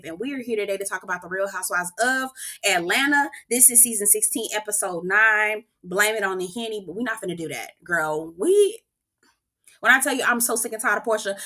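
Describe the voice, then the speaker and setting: A woman hosting a casual reality TV review vlog, sassy and animated, talking straight to her viewers and calling them "girl". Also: mid-range voice. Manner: talks straight to the viewers, asking what they think. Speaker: host of a reality TV review channel.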